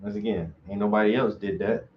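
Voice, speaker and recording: A man's voice: on the low side, flat delivery, brisk, slight background noise. Joking man in a roomy lo-fi room. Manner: loose, joking, slangy storyteller. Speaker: painter hosting a long live stream. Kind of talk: casual chat while painting. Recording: roomy, dull lo-fi sound.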